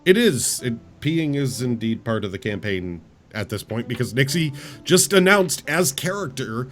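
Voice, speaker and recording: A man's voice: medium pitch, big pitch swings, moderate pace, a bit bright, faint music behind. A man running a tabletop game as game master, narrating and chatting casually.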